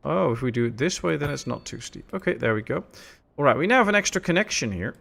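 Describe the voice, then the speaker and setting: A man casually commenting while he plays a city-building game on a live stream, relaxed and chatty, answering chat as he goes. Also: mid-range voice, fast, gravelly.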